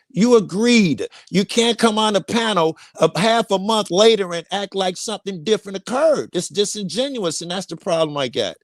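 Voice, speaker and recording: This man argues hard and doesn't let go, cutting in with pointed questions and plenty of profanity. His voice sits fairly high for a man. It's recorded close and dry, with no room sound. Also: expressive, moderate pace, few pauses, dry recording. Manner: confrontational, profane, presses with repeated questions. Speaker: podcast co-host. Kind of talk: heated argument.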